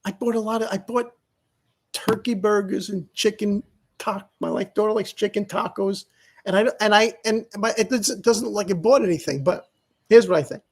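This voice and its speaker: A man's voice: sits high, normal speed, slightly rough. A middle-aged man vlogging in a casual, rambling, self-mocking way, laughing often as he talks. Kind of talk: casual vlog monologue.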